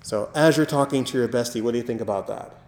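Male podcast co-host, animated storyteller, recorded in a reverberant room. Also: medium pitch, fast. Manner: animated storyteller, acts out quotes. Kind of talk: casual chat. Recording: echoey room with long reverb.

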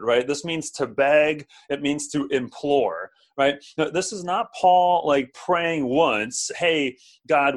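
A man preaching a sermon, often repeating words and asking the listeners to respond. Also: on the high side. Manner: halting, repeats words, asks audience to respond. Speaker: pastor. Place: streamed over video call and social media.

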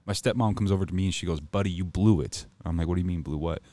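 A man's voice: low voice, fast talker, dark tone, no echo. A young man, a stand-up comedian guest, telling crude stories casually and swearing freely. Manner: crude, laid-back, swears a lot. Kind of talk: casual chat, storytelling.

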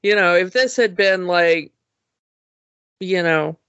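Slow-talking podcast co-host full of fillers. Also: mid-range voice, clean tone, no room sound. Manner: relaxed, many "you know" fillers. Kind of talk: casual chat. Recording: dull lo-fi sound.

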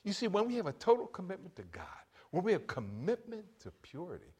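Lively preaching man with a rising-falling voice. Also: high voice, fairly quick, slightly rough. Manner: lively preaching, calls for amens from the congregation. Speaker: pastor. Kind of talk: sermon. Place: church.

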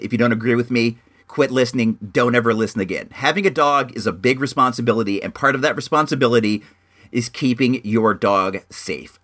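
Young dude venting to his viewers, bright voice, pitch jumping all over. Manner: animated, emphatic, swings high when worked up. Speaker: vlogger. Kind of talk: casual ranting monologue.

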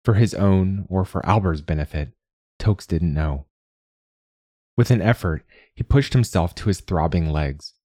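A man reading a story aloud in scripted narration with a measured, even delivery. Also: low voice, no room sound, clean studio sound.

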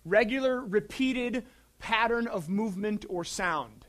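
High-voiced conversational male pastor. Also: animated, normal speed. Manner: conversational, dynamic swings from loud to quiet. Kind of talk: sermon.

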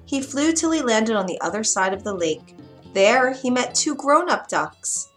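Gentle woman reading a children's story. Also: a little high, animated, a little slow, soft background music.

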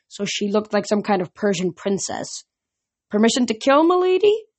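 A woman reads a novel aloud for her podcast. Her voice sits at a medium pitch, and she tells the story plainly, with occasional slips and restarts. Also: darkish tone. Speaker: podcast reader.

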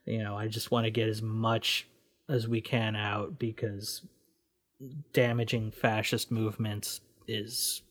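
A man in a podcast interview speaks slowly, with a flat, unvaried delivery. His voice sits a little low, and he keeps stopping on fillers and restarts before landing his points bluntly. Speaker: guest, independent researcher running a news project.

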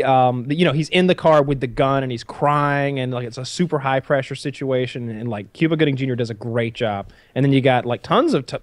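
A man's voice: medium pitch, no echo. A man in casual chat about TV shows, rambling and swearing casually.

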